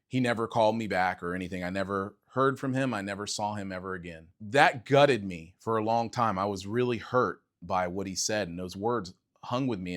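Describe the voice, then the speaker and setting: Middle-aged man, bassist, casual reflective storytelling, acts out quotes, conversational. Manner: conversational, with quoted dialogue and chuckles. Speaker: bassist and video creator.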